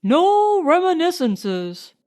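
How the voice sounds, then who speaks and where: A woman's voice: very high voice, sing-song, slow pace, a little mellow, voice pushed up, full character voice. A woman reading an audiobook voices a playful young army captain with a British accent, mock-formal and joking. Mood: teasing.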